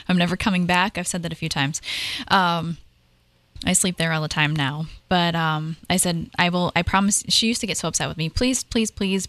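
A woman, likely in her thirties, telling paranormal stories in a casual, animated conversation, talking in quick bursts with fillers. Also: lowish voice, no room sound. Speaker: paranormal investigator, guest.

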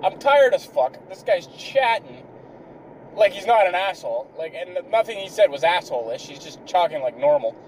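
A man's voice: high-pitched, very animated, moderate pace, a little mellow, recorded from a distance, a little hiss or hum, poor audio. A man telling a comic story in a rambling, exasperated way, swearing constantly.

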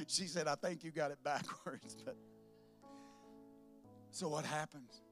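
A man preaching a sermon as pastor, swinging between loud preaching and soft asides, with laughs. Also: fairly high pitch, takes it slowly, soft background music.

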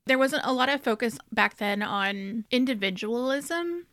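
A woman's voice: a little high, animated, a little slow, a bit bright, no echo, studio quality. A woman co-hosting a podcast, talking through a novel in a reflective, earnest way. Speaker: podcast co-host. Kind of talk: casual book discussion.

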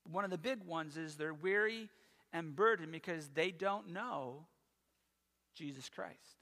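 A man preaching a sermon as pastor, telling stories in an animated way with quick asides. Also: on the high side, gravelly, in a large hall. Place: church sanctuary.

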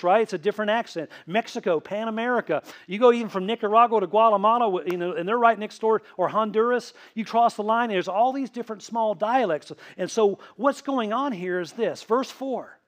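Tennessee preacher guy, kinda high voice, asking the church questions as he goes. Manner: asks the congregation questions, answered with "right?". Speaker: pastor. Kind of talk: sermon.

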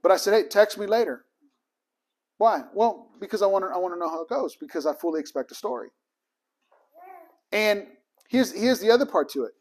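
Ministry trainer, man, high-pitched, emphatic storyteller. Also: animated, a little fast. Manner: storytelling, acts out both sides of conversations, emphatic. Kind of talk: casual teaching talk.

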